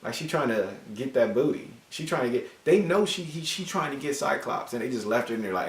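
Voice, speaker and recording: A man casually reviewing a comic book, animated and joking with frequent swearing. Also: mid-range voice, fairly quick, hardly any pauses, distant mic. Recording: roomy echo, voice off-mic.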